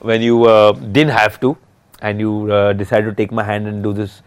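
On the low side and smooth, his voice holds a level tone at a moderate pace. He's a man in his thirties co-hosting an easygoing podcast with his wife, tired from lack of sleep, rambling, kidding around, and interrupting himself as he goes.

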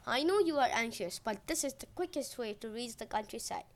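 Earnest young prince, solemn and noble, still a high voice, woman reading it. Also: lively intonation, brisk, natural voice. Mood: reassuring. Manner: solemn, pledging.

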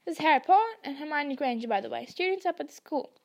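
A woman doing a gruff gamekeeper giant. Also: high-pitched, lively intonation, quick pace. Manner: rough folksy speech. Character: gruff burly male gamekeeper. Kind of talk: audiobook reading.

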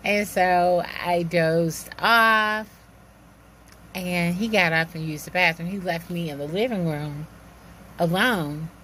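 A woman telling a personal story in a lively, animated way, acting out the dialogue and laughing now and then. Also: fairly low pitch, takes it slowly, a little hiss or hum.

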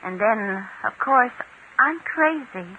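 An actress playing an eerie, unstable young stepdaughter in a 1940s radio drama, slow and dreamy in speech. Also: female voice, on the high side, animated, a little hiss or hum. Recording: tinny old 1940s radio broadcast.

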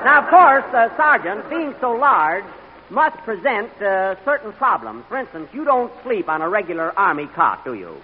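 A radio comedian with a high, lively voice that swoops up and down, indignant and halting with little uh's. The sound is a tinny, crackly 1940s broadcast, with a live audience roaring and hiss underneath. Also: male voice. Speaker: comedian hosting a radio show.

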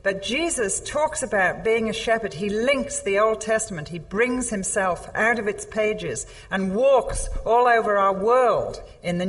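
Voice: medium pitch, fairly bright tone. A preacher delivering a sermon, stressing points with repeated phrases and reading scripture aloud with rising intensity. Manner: emphatic, repeats phrases for effect. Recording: long hall reverb.

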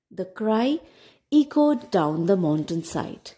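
A woman narrating a children's story with expressive delivery, dropping to a whisper at tense moments. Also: medium pitch, unhurried. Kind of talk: storybook reading.

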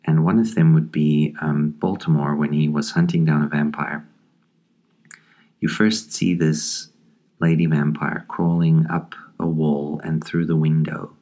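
Very deep-voiced man musing thoughtfully. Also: level tone, warm tone. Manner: thoughtful and halting, with frequent ums and restarts. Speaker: podcast host. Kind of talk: casual review of a horror comic.

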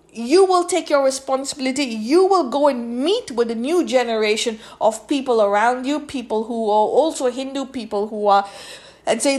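A woman with a high voice speaks alone as a podcast host. She lectures emphatically and repeats phrases over and over to drive her points home. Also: darkish tone. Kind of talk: solo podcast monologue.

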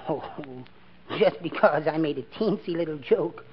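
An actor playing a timid, henpecked little man in a 1940s radio sitcom, with a soft, high, mild and apologetic voice. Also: normal speed, lightly acted. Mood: meek. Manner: gentle, prim and apologetic. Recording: dull lo-fi 1940s radio broadcast with faint hiss.

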